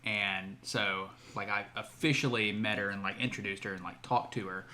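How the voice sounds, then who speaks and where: A man's voice: on the low side, moderate pace, pushed and bright, slight background noise. A man co-hosting a podcast, chatting casually and laughing often as he tells a story. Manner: chatty, laughs often while telling stories. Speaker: podcast co-host. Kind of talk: casual chat.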